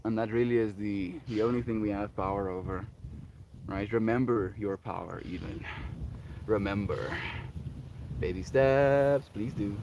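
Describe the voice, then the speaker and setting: This is a South African man on his daily live stream with a low voice. He talks in an earnest, heartfelt way and keeps checking in with "right?" between thoughts. A faint hiss sits under the voice. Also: a little slow, long pauses. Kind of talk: casual livestream chat reading viewer comments.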